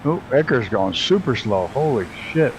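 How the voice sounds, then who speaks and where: A man chatting loosely over a live stream as he flies, cursing often and cracking up at himself. His voice sits at an everyday middle pitch, with a faint hum running behind him. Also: sing-song, normal speed, poor audio. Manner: profane, laughs at himself, talks to chat while flying. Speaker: flight sim streamer. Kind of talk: casual live-stream commentary.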